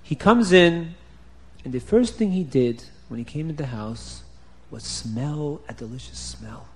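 A man telling a story to children in an animated, expressive way with dramatic swings in loudness. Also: a little high, a little slow, a little hiss or hum.

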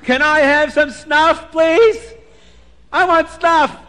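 A ruined old beggar wails and sobs in a strained, high voice, as a man puts him on. His cries carry a long hall echo. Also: takes it slowly, fairly bright tone, full character voice. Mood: pleading. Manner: sobbing, high and pleading.

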